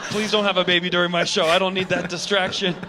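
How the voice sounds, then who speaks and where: A man's voice: high voice, level tone, fast talker, noisy background. A man doing a live stand-up set, teasing and bantering with the audience. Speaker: stand-up comedian. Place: comedy club stage. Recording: live club audience behind.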